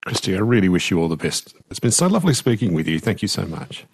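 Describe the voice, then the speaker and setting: Husky low-voiced male host. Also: big pitch swings, fast talker, no room sound. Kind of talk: conversational interview.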